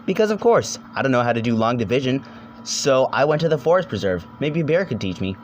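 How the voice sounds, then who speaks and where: A man's voice: medium pitch, sing-song, a little hiss or hum. A young man narrating a casual comedic video essay, rambling and joking, swearing now and then. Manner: rambling, jokey, swears, quick silly voices.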